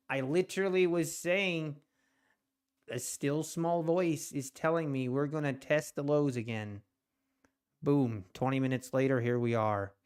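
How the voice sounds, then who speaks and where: Male live-stream trader, smooth clear tone, unhurried delivery, animated and self-mocking. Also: a little high. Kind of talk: casual live-stream commentary to chat.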